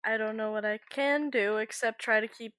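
A woman's voice: fairly high pitch, fairly even intonation, normal speed, a bit bright, smooth, dry recording, clean studio sound. A woman playing a tabletop role-playing game, talking casually and hesitantly. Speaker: player.

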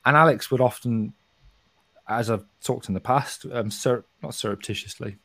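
A middle-aged man from England with a softened West Midlands accent, talking frankly and swearing often as a podcast co-host. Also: medium pitch, normal speed, no room sound. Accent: softened West Midlands English. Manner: frank and sweary, with frequent restarts. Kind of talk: casual podcast chat.

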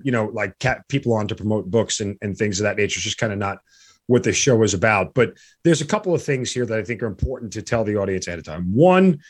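A man hosting a podcast in a halting, earnest way, full of restarts, and audibly emotional. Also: medium pitch. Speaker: podcast host. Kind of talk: casual interview chat.

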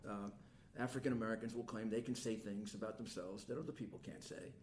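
A man's voice: lowish voice, fast, crowd noise. An older man, a guest in a casual chat, telling family stories and acting out his relatives' voices. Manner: animated storyteller, acts out relatives' voices. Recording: roomy room echo.

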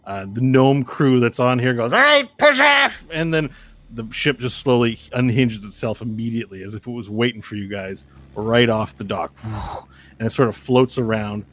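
A man's voice: mid-range voice, fairly even intonation, moderate pace. A man narrating a tabletop game as game master, in a loose, rambling way with fillers and sound effects.

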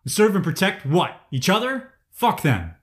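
Slightly high-voiced man, furious, cursing constantly through a podcast rant. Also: sing-song, a little slow. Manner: angry, profane ranting. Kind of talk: casual chat.

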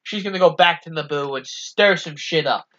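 Bright-voiced man recapping a plot. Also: on the high side, normal speed, muffled recording. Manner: plot-summarizing, easygoing. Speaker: podcast co-host. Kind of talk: casual movie recap chat.

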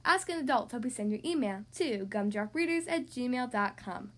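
A woman hosting a podcast for young kids, reading a storybook aloud in a bright animated way. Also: on the high side, normal speed.

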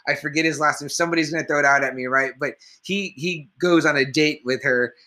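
Co-host, male, 30s; crisp bright voice, swears and acts out bits. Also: on the high side, fast. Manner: profane, laughing, acts out scenes in a loud put-on voice. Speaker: co-host of a live movie chat stream. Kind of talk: casual live-stream chat.

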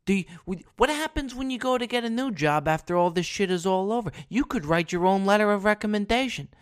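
A man hosting a solo comedy podcast, telling stories with loud bursts and low asides and casual swearing. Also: lively intonation, fast talker, clean tone. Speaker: podcast host. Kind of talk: comic solo podcast monologue.

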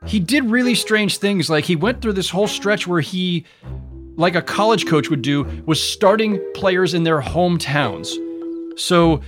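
A sports journalist being interviewed, telling stories in an animated, emphatic way. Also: male voice, high voice, unhurried, over music. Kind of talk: interview recollection.

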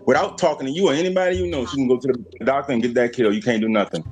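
A man's voice: mid-range voice, lively intonation, quick pace, darkish tone. Podcast host guy, cusses a lot, talks straight at listeners, music in the back. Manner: profane, preachy, addresses listeners directly. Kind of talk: casual podcast chat.

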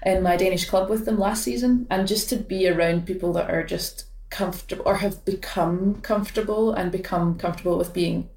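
A Scottish woman in her late twenties talks low and unhurried, picking her words with plenty of small stops and restarts. Her voice sits a little down in pitch. It comes from some way off the mic in a room that rings around her. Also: steady tone, a little mellow. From Scotland. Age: late 20s. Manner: thoughtful, hesitant, many fillers and restarts. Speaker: badminton player, guest. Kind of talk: casual interview chat. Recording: roomy sound from a distant mic.

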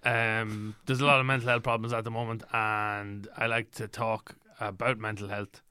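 An Irish man talking deadpan in an improvised comedy chat, playing an affected showbiz persona. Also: lowish voice, normal speed, clear, resonant tone, no room sound. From Ireland. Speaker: comedy podcast guest.

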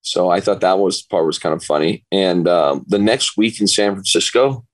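Deep-voiced man telling a story. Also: moderate pace, no room sound, rough recording. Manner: animated anecdote teller, acts out other people's lines. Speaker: podcast guest. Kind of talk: casual storytelling. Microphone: remote call.

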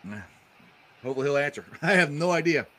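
A man's voice: on the high side, expressive, fast, a bit bright. A man hosting a casual interview, laughing often and stumbling over repeated words. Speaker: podcast host.

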